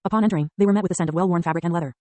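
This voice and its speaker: A woman narrating an audiobook in a brisk, even reading style. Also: fairly low pitch, no echo. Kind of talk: scripted narration.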